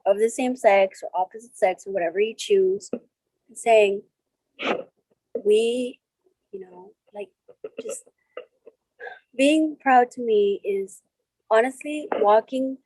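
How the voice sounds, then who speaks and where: A woman speaking as an interview guest over a video call, slow and halting, getting tearful at times. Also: medium pitch, darkish tone, no room sound, low-quality recording.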